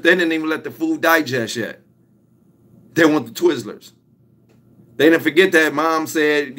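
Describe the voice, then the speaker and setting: A man's voice: fairly high pitch, normal speed, long pauses, a bit bright. A young man giving a motivational talk, emphatic and repetitive, stretching out his key lines. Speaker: motivational speaker.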